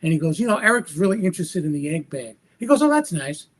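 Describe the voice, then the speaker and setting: A magician appearing as a podcast guest tells an energetic story, shifting his voice lively to act out the dialogue of the people in it. He's a man with a fairly high pitch who talks fast, and there's a little hiss or hum on the recording.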